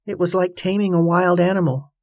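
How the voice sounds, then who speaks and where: A woman narrating a novel in even, measured tones. Her voice sits slightly low. The recording is close and dry, with no room sound. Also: no echo. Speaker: audiobook narrator. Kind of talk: scripted narration.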